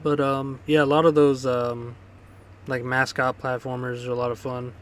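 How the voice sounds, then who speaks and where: Male co-host, loose rambling chat, flat and even pitch. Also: normal speed, slight background noise. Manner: loose, rambling, swears casually. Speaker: podcast co-host. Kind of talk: casual chat.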